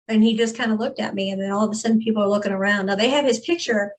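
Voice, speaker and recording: A woman guest on a podcast interview, retelling a personal story in an emphatic, animated way. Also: mid-range voice, fast.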